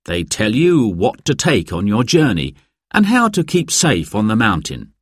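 A kindly, patient dad, voiced by a man reading a storybook, explaining things gently. His voice is slightly raised and lively, and the sound is close and dry. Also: on the low side, a little slow, husky, no room sound, full character voice. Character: kindly father, patient and encouraging.

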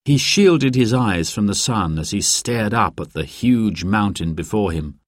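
A man giving a slow, clear, expressive narration of a children's storybook. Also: lowish voice, dry recording, studio quality. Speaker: audiobook narrator.

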